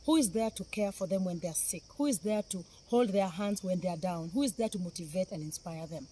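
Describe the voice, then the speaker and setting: A woman's voice: fairly low pitch, brisk, dark tone, a little hiss or hum. A middle-aged woman with a Kenyan accent gives a heartfelt, emotional appeal, repeating phrases for emphasis. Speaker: philanthropist speaking on camera.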